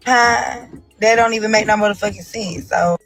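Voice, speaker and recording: A woman's voice: medium pitch, moderate pace, a bit bright, soft background music, low-quality recording. Defensive, cursing woman ranting on a live stream. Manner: defensive, profane, rambling. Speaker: reality show personality. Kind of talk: casual live-stream rant.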